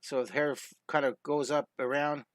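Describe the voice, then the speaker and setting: A man's voice: a little high, little pitch movement, moderate pace, a bit bright, no room sound, studio quality. A man hosting a live online drawing lesson, chatty and upbeat, talking through each step as he draws and often restarting his sentences. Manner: frequent restarts and self-corrections. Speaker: drawing teacher and show host.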